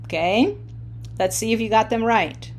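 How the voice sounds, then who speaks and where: A woman's voice: a little high, normal speed, slight background noise. A woman teaching a Spanish lesson from slides, drilling verb forms aloud with long, stretched vowels. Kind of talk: slide-based language lesson.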